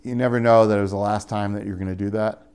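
A man's voice: on the low side, steady tone, quick pace, darkish tone, clean tone. A young adult man preaching a conversational sermon as pastor, often rising into emphatic appeals.

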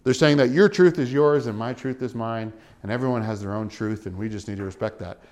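A man preaching a sermon, animated, with wide swings in pitch and volume and frequent chuckles. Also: a little fast. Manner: chuckles often while preaching.

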